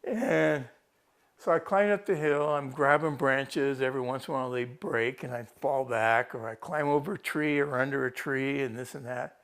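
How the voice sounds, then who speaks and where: Gravelly-voiced man recounting an ordeal. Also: mid-range voice, fairly even intonation, normal speed, a bit bright. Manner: rambling storyteller, restarts and quotes his own thoughts. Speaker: rescued hiker interviewed by a TV reporter. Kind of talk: casual first-person account.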